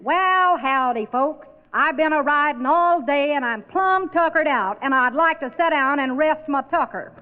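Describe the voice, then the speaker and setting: A woman playing a teasing, sharp-tongued cowgirl wife in a 1950s radio comedy sketch. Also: sits high, animated, normal speed. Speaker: singer guest in radio sketch. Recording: tinny old radio broadcast in a hall with audience.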